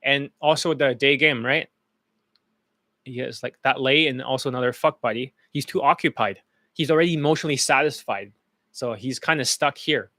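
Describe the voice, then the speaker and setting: A man's voice: mid-range voice, a bit bright, no echo, clean studio sound. A man coaching students in dating, talking bluntly and profanely over testimonial clips in a loose, rambling way.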